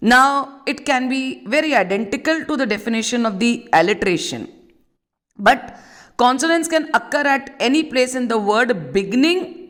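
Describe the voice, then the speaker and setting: A woman teacher giving an online literature lesson, explaining slowly and repeating key points with frequent fillers. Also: fairly high pitch, fairly bright tone.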